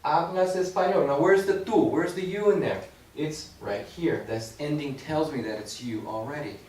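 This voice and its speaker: A man's voice: on the high side, expressive, moderate pace, darkish tone. A man teaching a recorded Spanish grammar lesson, explaining patiently with playful asides. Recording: echoey room, far from mic, faint background hum.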